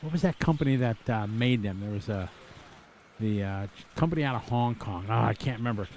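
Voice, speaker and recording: A man's voice: on the low side, brisk, a little mellow, slight background noise. A middle-aged man from Wisconsin giving live, chatty commentary on a radio-controlled car race, rambling into asides between calls.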